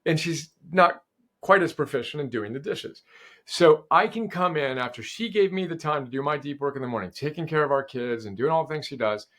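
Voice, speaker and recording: A middle-aged man as a podcast guest in casual conversation, animated and enthusiastic, often quoting sayings. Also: fairly high pitch, a little fast.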